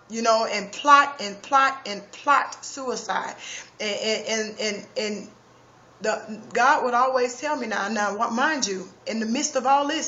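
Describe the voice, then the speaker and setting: A woman's voice: on the high side, sharp tone, highs cut off. A woman giving a personal testimony, earnest and emphatic, often restarting her sentences.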